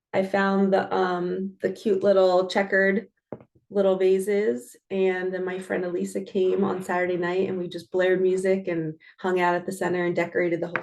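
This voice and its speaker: A woman's voice: medium pitch, gravelly, a little mellow. Chatty woman doing a card reading. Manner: chatty and earnest, laughs often, self-talk asides. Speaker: spiritual coach reading oracle cards. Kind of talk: casual spiritual chat.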